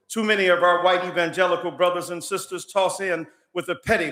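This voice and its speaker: A man's voice: sits high, sharp tone. Resonant man preaching a fiery prayer. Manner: rhythmic preacher's cadence, building repetitions. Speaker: guest chaplain. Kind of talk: oratorical prayer. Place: large legislative chamber. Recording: echoey chamber through PA.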